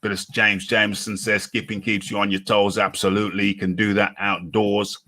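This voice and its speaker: A man hosting a boxing talk show, speaking in a slow, halting way and often repeating himself. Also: on the low side, little pitch movement, vocal fry, sharp tone. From United Kingdom. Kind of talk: casual boxing chat.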